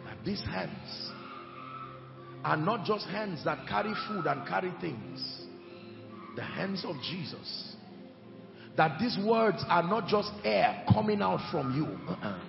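Male preacher, fiery sermon delivery, gravelly edge, dull roomy church recording. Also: high-pitched, lively intonation, slow. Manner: impassioned preaching with shouted peaks. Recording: echoey hall, dull sound, music behind. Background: music.

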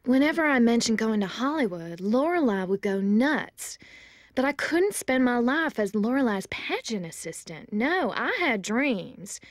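A woman's voice: a little high, very animated, a little slow, dry recording. A woman narrating a comedy voice-over with a wry, storytelling delivery.

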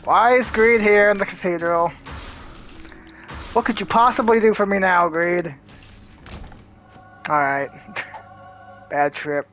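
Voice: mid-range voice, slow, pauses often, a bit bright, faint music behind. A gameplay commentator talking through a hard run in casual let's-play style, nervous and muttering reactions with frequent swearing.

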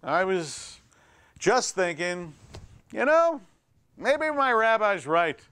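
A man's voice: sits high, big pitch swings, slow pace, bright, forceful tone, clear, resonant tone. A middle-aged man hosting a comedy show, delivering an exasperated, self-mocking stand-up monologue. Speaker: host.

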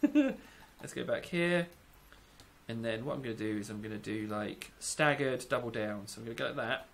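Giggly, lively sick gaming YouTuber. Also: male voice, mid-range voice, moderate pace, creaky. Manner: giggly, rambling, self-mocking. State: sick, under the weather. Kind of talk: let's-play building commentary.

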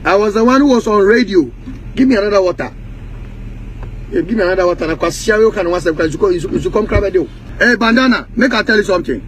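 A man with a strikingly high voice and a Ghanaian Pidgin English accent lets loose in a heated rant. He curses freely and hammers the same accusations again and again. A faint hum of noise sits under his voice. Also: expressive, quick pace, poor audio. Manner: heated, profane, repetitive accusations. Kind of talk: angry rant.

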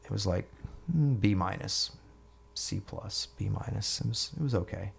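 Low-voiced middle-aged man telling stories. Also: normal speed, vocal fry, breathy edge. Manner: rambling, repeats and restarts words. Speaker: guest musician. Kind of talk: casual storytelling.

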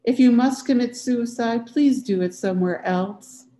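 A woman's voice: a little high, measured pace, mellow, echoey room, voice pushed up, lightly acted. A woman reading the lines of a drunk, bitter, half-paralyzed woman writer in a slurred, dismissive way. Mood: imperious.

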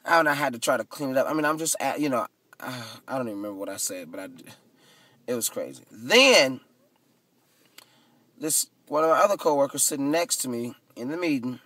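A man casually vlogging into his phone, retelling his day with lively, dramatic asides. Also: medium pitch, brisk, dry recording, distant mic. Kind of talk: casual storytelling vlog. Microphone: phone camera.

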